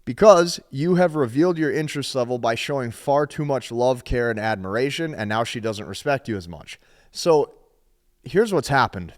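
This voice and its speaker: A man's voice: medium pitch, lively intonation, moderate pace. A man giving dating advice straight to camera, emphatic and repetitive, often checking in with "okay?". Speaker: dating coach. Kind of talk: direct-to-camera advice talk.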